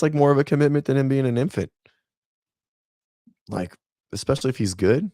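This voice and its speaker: A man's voice: low voice, normal speed, pauses often, a little mellow, dry recording, clean studio sound. A man in his thirties, a fitness coach and host, chatting casually on a livestream in a rambling, laid-back way and talking to viewers by name.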